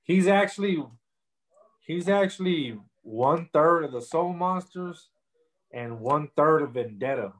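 A man's voice: on the high side, lively intonation, takes it slowly, rough recording. A young man, a rapper, telling his story in a casual interview in loose street slang full of fillers.

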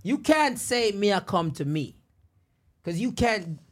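A Jamaican man with a high, bouncy voice that swoops up and down as he talks. He chats casually and playfully and laughs often. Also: very animated, a little slow. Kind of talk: casual chat.

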